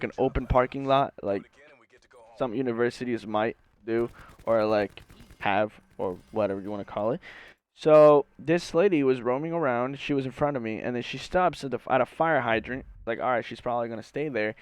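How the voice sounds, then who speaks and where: A man's voice: medium pitch, moderate pace, clear, resonant tone, dry recording. A young man, a university student, telling a rambling casual story full of slang and fillers. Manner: rambling, slangy, says bro and like a lot. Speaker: university student and gaming channel host.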